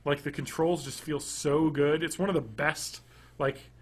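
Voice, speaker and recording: A man in his thirties co-hosting a podcast, chatting casually and enthusiastically, rambling and swinging between loud bursts and quiet mumbles. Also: fairly high pitch, steady tone, unhurried. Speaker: podcast co-host. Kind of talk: casual chat.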